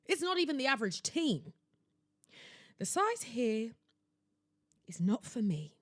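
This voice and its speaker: A young woman hosting a podcast, talking in a theatrical, exclamatory way that jumps between loud outbursts and hushed asides. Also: fairly high pitch, very animated, unhurried, no echo, studio quality. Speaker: podcast host. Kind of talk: casual chatty monologue. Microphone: laptop recording setup.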